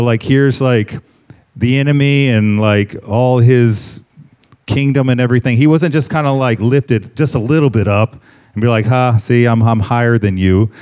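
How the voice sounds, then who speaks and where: Mellow-voiced man preaching a sermon. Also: medium pitch. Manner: slows and stresses key words, reading scripture aloud. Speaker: pastor.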